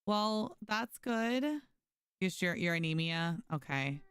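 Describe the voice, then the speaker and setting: A woman's voice: on the low side, expressive, takes it slowly, smooth, dry recording, clean studio sound. A woman streaming a game live, chatting casually with viewers and thanking them by name. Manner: frequent restarts and fillers. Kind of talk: casual live gameplay commentary.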